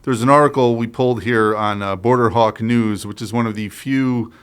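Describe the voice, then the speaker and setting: A man's voice: medium pitch, steady tone, moderate pace, fairly bright tone, smooth. A man hosting a talk-show discussion in a conversational, wry way, with easy fillers.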